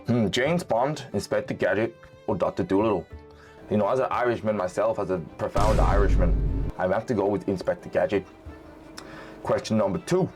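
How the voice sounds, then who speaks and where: A man hosting a joking quiz vlog, energetic and tripping over his words, with light music behind. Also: fairly low pitch, brisk. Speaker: vlogger.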